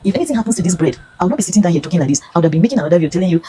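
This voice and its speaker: Nigerian woman, 50s, earnest testimony, rapid-fire delivery, mellow low tone. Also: very animated, slight background noise, rough recording. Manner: earnest, pleading, storytelling. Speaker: consumer reviewer. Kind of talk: emotional personal testimony.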